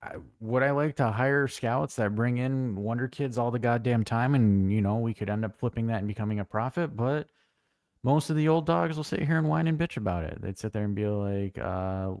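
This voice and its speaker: A man co-hosting a casual football live stream, blunt and animated, swearing freely as he tells stories. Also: medium pitch, normal speed, no room sound, studio quality. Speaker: co-host.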